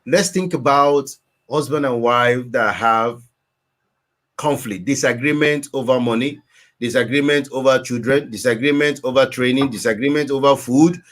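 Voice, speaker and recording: A man's voice: mid-range voice, normal speed, fairly bright tone. A man giving earnest, preachy advice as a guest counselor, repeating phrases for emphasis. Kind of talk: advice talk.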